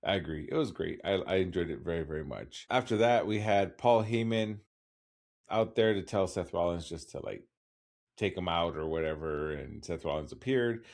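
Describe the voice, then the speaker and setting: A man's voice: deep voice, lively intonation, normal speed, vocal fry, a little mellow. A man co-hosting a casual podcast recap, rambling along with wry laughs. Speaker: podcast co-host.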